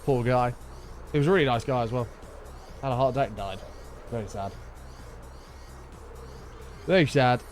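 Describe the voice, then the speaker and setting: A man's voice: medium pitch, normal speed, long pauses, faint music behind. A man chatting casually while streaming gameplay, rambling into sweary stories from his school days.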